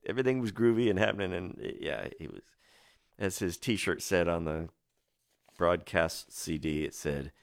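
Low-voiced male radio DJ, chatty and enthusiastic storyteller. Dry, close studio mic. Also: normal speed, no room sound. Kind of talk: radio music show patter.

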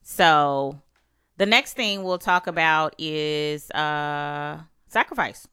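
A woman's voice: low voice, fairly even intonation, slow pace, bright, forceful tone, clean tone, dry recording, clean studio sound. A woman hosting a casual panel chat, playful and joking with slangy talk. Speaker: host.

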